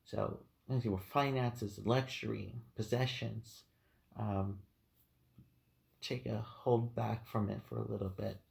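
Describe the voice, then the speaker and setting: A man's voice: fairly low pitch, gravelly, dark tone. A man giving an unscripted tarot reading, hesitant and full of ums, heartfelt and teary-eyed. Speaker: tarot reader.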